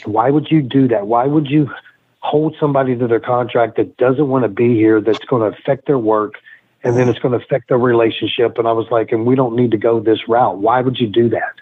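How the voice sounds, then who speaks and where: A man's voice: medium pitch, fairly even intonation, a little fast, slightly rough, dry recording, narrow, tinny audio. A man guesting on a wrestling podcast, telling profane, heated stories and acting out the arguments he quotes. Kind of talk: casual storytelling interview.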